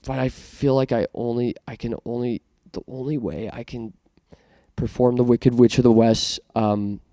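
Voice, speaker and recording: A man's voice: mid-range voice, steady tone, moderate pace, dark tone, dry recording, studio quality. A man from Canada hosting a casual podcast monologue, self-conscious and rambling with many restarts. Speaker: podcast host.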